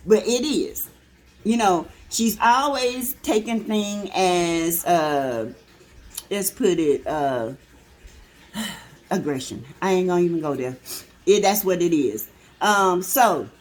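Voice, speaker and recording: Sassy woman host, casual gossip recap, talks like chatting with friends, plenty of fillers. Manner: chatty, sassy, filler-heavy, laughs, swoops up high when excited. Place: in her car.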